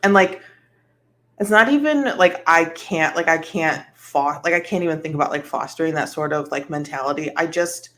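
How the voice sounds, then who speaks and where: Woman host, casual chatty vlog delivery, weary and rambling, slightly low pitch. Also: normal speed, fairly bright tone. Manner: rambling, full of "like" and "um", sighing. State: tired. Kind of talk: casual chat about a livestreamed trial.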